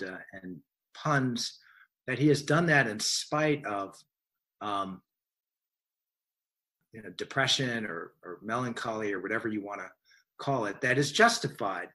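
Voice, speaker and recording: A man's voice: mid-range voice, bright, forceful tone. A man, a science writer, answering interview questions in a thoughtful, rambling way with frequent restarts.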